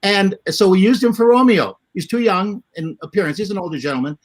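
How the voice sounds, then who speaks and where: A male guest spinning wry anecdotes. His voice is high for a man, and he tells his stories with a dry wit. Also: a little fast. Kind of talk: storytelling.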